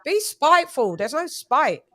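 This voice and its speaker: A woman's voice: sits high, big pitch swings, measured pace, pushed and bright, no room sound. Blunt woman talking boxing. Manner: blunt, profane, emphatic. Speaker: channel host. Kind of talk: casual live watch-along chat.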